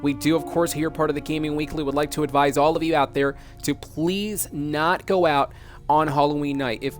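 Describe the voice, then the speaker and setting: A man's voice: fairly high pitch, steady tone, moderate pace, soft background music. A man hosting a mock news broadcast, dramatic and emphatic, repeating words for effect.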